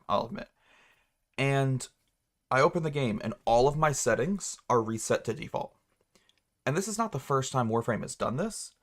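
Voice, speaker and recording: A man's voice: mid-range voice, fairly bright tone. A man hosting a casual livestream, rambling and laughing at himself as he talks. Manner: rambling, laughs often, self-mocking. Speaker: streamer.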